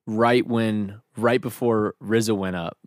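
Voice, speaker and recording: Excitable young man, low voice, dry mic. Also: takes it slowly, no room sound. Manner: enthusiastic storyteller, swears a lot, says dude and bro. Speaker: podcast co-host, band member. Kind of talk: casual chat.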